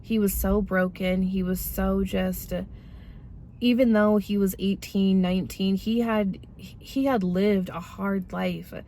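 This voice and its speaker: A woman's voice: medium pitch, slow, a little hiss or hum. A woman in her twenties telling her personal testimony in a casual, slangy way, talking straight to her viewers. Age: 20s. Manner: casual, animated, slangy, addresses viewers directly. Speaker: vlogger sharing her testimony.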